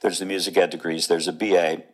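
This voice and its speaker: A man's voice: low-pitched, level tone, fast. A middle-aged man, a music professor and choral conductor, talking as an interview guest, earnest and explanatory with plenty of fillers and restarts.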